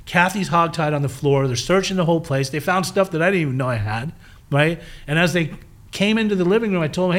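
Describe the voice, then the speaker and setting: A man telling his life story as a guest in an interview, animated and acting out the voices of the people he quotes. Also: a little high, fast talker. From southern California.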